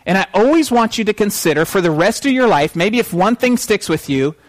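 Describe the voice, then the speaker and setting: A man preaching a sermon to his congregation, animated and questioning the room. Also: high voice, a little fast, no echo. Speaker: pastor. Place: church service.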